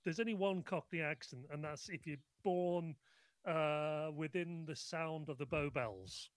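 A man's voice: a little high, a little slow, clear, resonant tone, dry recording. A man, a guest on a radio talk show, wry and sarcastic. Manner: wry, sarcastic, laughs easily.

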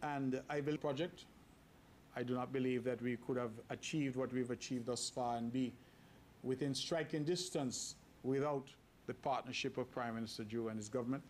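Measured man giving official remarks. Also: mid-range voice, steady tone, darkish tone, slight background noise. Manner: measured, deliberate official phrasing. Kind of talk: formal press remarks.

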